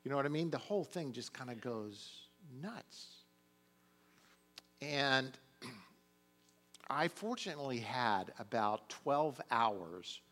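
A middle-aged man preaching a sermon as a pastor. He tells a personal story earnestly, dropping to a hush at tender moments and rising into fervent prayer. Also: mid-range voice, expressive, slow pace, pauses often, faint music behind.

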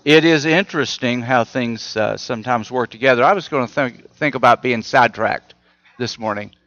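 A man's voice: medium pitch, moderate pace, a bit bright. A man preaching a sermon in a conversational way, often asking his listeners rhetorical questions. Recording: muffled audio with long hall reverb.

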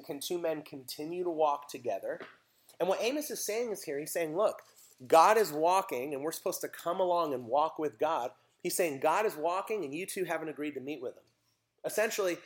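A man preaching a casual sermon, chatty and joking, asking his listeners questions. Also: on the high side.

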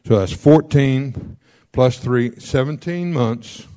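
A man leads a class on paying down debt in a folksy, joking way. His voice is mellow and dark, and he keeps checking in with the room. He rattles off strings of figures quickly. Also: medium pitch, clean tone. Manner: folksy, checks in often with the audience. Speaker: financial counselor teaching a class. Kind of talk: classroom lecture on debt repayment.

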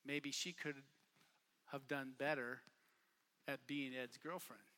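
A man preaching a sermon at a youth camp, casual and repetitive, building from quiet talk to shouting bursts. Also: mid-range voice, steady tone, slow. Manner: casual, repeats phrases for emphasis. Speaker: youth pastor. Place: camp meeting hall.

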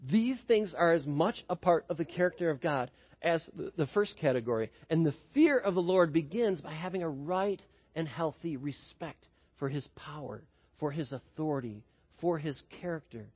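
Male pastor, high husky voice, chatty sermon style, echoing church hall, dull sound. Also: animated, moderate pace, darkish tone. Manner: conversational, asks the congregation questions. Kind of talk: sermon with personal story.

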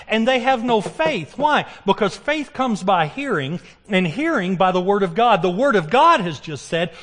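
A man preaching a sermon. He keeps putting questions to the congregation and answering them himself. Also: high-pitched. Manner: animated, asks the congregation questions.

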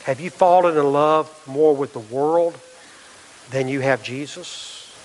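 Earnest preacher with a high voice in a reverberant hall. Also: male voice, slow, a little mellow, a little hiss or hum. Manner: earnest preaching with rhetorical questions and restarts. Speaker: pastor. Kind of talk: sermon.

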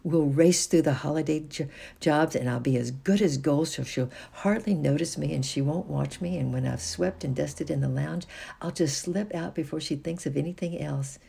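A reader doing an excited little girl with a husky, gravelly voice. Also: medium pitch, normal speed. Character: excited nine-year-old girl.

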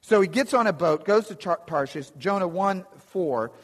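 A man's voice: high-pitched, animated, normal speed. A man preaching a conversational sermon from slides, with chuckling asides and frequent restarts. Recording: long reverb of a hall.

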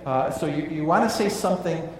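Male pastor, slightly high voice, emphatic sermon delivery with low hushed drops; long-reverb church hall, mic at a distance. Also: a little fast, a little hiss or hum. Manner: emphatic, drops low and quiet on key phrases.

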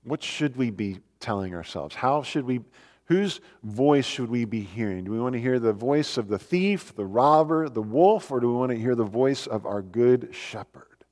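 A man's voice: medium pitch, animated, moderate pace, a little mellow. A man preaching a sermon in an earnest, emphatic way, asking rhetorical questions and quoting scripture. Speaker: pastor. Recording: long hall reverb.

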